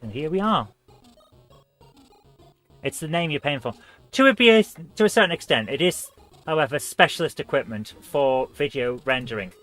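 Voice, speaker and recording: A man's voice: on the high side, lively intonation, moderate pace, long pauses, a bit bright, soft background music. A man hosting a live retro gaming stream, chatting in a rambling, self-mocking way as he plays.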